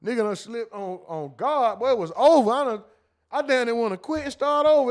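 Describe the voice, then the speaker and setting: A high-voiced man hosts a livestream and reads his chat aloud. His talk is loose and crude, and he often cracks himself up over his own slips. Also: expressive, brisk. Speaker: livestream host. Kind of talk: casual livestream commentary reading chat.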